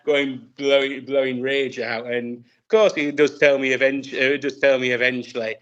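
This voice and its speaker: A man's voice: mid-range voice, flat delivery, moderate pace, hardly any pauses, fairly bright tone, muffled recording. A man, a wrestler telling stories as an interview guest, rambling with many restarts and laughing often. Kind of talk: casual anecdotal storytelling.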